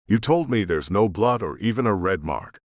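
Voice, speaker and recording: A man voicing a shrill, haughty woman throwing a fit. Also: animated, normal speed, no echo, studio quality. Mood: indignant. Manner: shrieking, haughty. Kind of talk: audiobook narration.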